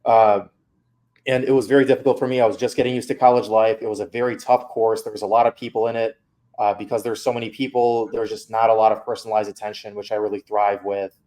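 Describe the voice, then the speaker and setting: A man's voice: lowish voice, level tone, fast talker, darkish tone. A man coaching a student through feedback on her mock interview, candid and casual.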